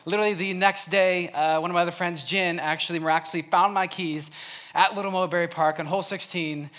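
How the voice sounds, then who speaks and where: A man's voice: sits high, steady tone, quick pace, fairly bright tone. A young man from Wisconsin giving a storytelling sermon, chatty and laughing often, with lots of "like". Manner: casual and chatty, laughs often, heavy use of "like". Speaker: youth speaker. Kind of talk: storytelling sermon to a live audience.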